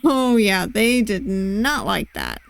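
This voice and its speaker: A woman's voice: mid-range voice, lively intonation, takes it slowly, creaky, clean tone, no room sound. A woman streamer reading a visual novel aloud with chatty, amused asides to her viewers, on a close mic. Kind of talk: let's-play commentary and reading aloud.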